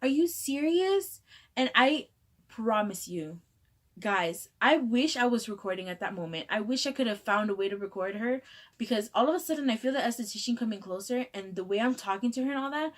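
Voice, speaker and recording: A young woman vlogger casually retelling a story in a chatty, animated way, acting out the dialogue. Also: mid-range voice, fairly quick.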